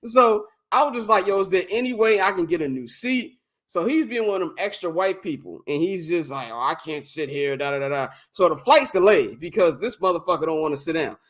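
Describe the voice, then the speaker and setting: A man's voice: sits high, brisk. A young man, casually telling a long, profane story on a podcast and acting out the other people in it. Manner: animated, profane, acts out quoted exchanges. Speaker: podcast co-host.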